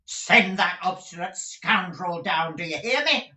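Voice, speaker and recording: A man's voice: high-pitched, lively intonation, unhurried, reverberant, recorded from a distance, pitched above the performer's own voice, exaggerated voice. A man voicing a blustering, cruel middle-aged schoolmaster who barks and sneers. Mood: bullying. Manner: bullying, sneering, loud barks.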